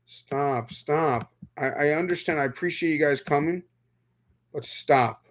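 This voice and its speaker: A man's voice: on the high side, a little slow. Rambling young man chatting to a live chat. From New York. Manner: rambling, repeats words, talks to chat viewers. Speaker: livestream host. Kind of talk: casual live-stream chat.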